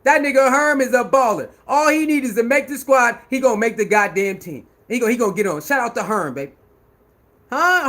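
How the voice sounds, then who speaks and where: A man giving an animated sports rant, loud and laughing, with heavy slang and repetition. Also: very high-pitched, brisk. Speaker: sports commentator.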